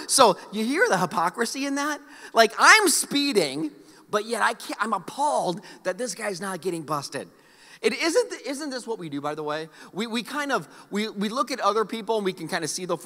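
A male pastor preaching a sermon, telling a story against himself in a lively, joking way. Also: high voice, long reverb tail. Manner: animated, self-deprecating storytelling. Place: church auditorium.

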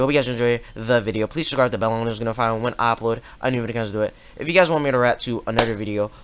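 A man giving casual reaction commentary on a video, talking haltingly with repeated words and many fillers. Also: mid-range voice, clean tone. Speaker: YouTube reactor.

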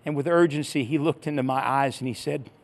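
A man's voice: medium pitch, fairly even intonation, a little fast. A middle-aged man pastor telling a story in a sermon, acting out the voices he quotes, then leading a prayer.

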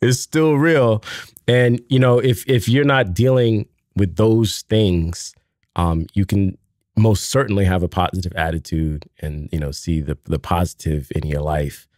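A man's voice: low voice, fairly even intonation, measured pace, a little mellow, no echo, clean studio sound. A man co-hosting a casual podcast, telling stories animatedly and laughing at his own puns. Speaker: podcast co-host. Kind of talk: casual conversational podcast chat.

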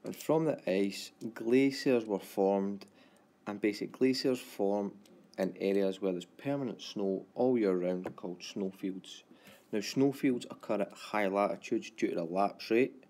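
A man teaching a geography lesson in a self-described monotone. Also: on the low side.

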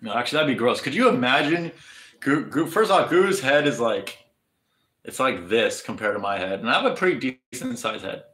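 A man's voice: medium pitch, very animated, brisk, fairly bright tone, roomy sound. A man livestreaming, chatting casually with viewers in a crude, rambling way full of restarts. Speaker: livestreamer answering chat.

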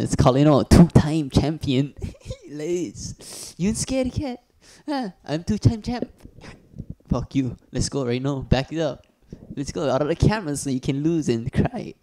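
A man puts on a cocky martial-arts champ in a comedy skit, all bragging and picking fights in broken English. The voice sits dark and mellow, with a steady middle pitch. He jeers and dares people to step outside. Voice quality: broken English, trash-talking, taunting. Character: boastful foul-mouthed martial-arts champ, adult man, picks fights.

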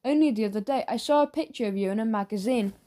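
A woman's voice: a little high, fast, mellow, natural voice. A woman voicing an overly eager, chatty male newsagent who keeps pushing sweets in a salesy, fawning way.

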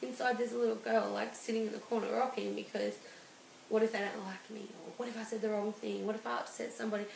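Woman guest, thirties, gravelly, echoey studio, halting personal story. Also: a little high, little pitch movement, darkish tone. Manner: halting and emotional, many restarts. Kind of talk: personal interview. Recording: roomy studio with faint hiss.

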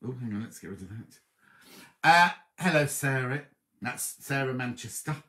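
A man hosting a casual live stream from home, chatting warmly and reading out viewers' comments, with a slight cough. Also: medium pitch, expressive, moderate pace. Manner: chatty, affectionate, reads viewers' comments aloud. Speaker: livestream host.

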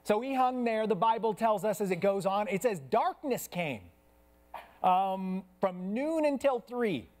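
An earnest male pastor delivering a sermon in a church, with a somewhat high voice. He moves between quiet, hushed stretches and raised, intense ones. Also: lively intonation, unhurried. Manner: earnest preaching, swings from soft hushed to raised.

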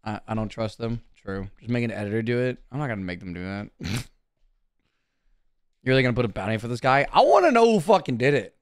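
A man's voice: fairly low pitch, fairly even intonation, fast talker, pauses often, clear, resonant tone, no room sound, clean studio sound. A young man streaming casually, talking to his chat in a brash, profane, defensive way.

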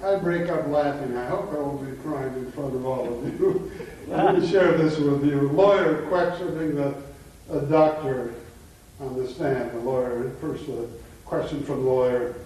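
A man's voice: medium pitch, steady tone, unhurried, warm tone. A man giving a classroom lecture to students, mixing in jokes and chuckling at his own punchlines. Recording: echoey hall from far off.

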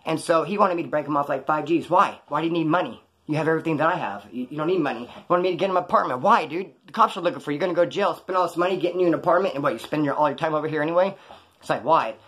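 A husky, slightly high-voiced man rattling off his story at a rapid clip. He tells it casually, in slang and swearing. He slips into the voices of the people he quotes. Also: fairly bright tone. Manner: slangy and profane, acts out quoted dialogue. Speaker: former inmate telling his story.

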